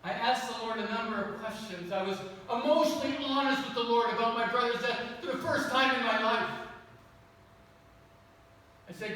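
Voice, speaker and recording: A male pastor preaching with a high, bright, ringing voice. He tells a personal story and climbs to emphatic peaks. He sounds set back from the microphone, with long reverb in a large church sanctuary. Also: moderate pace. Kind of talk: sermon. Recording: echoey church hall from far off.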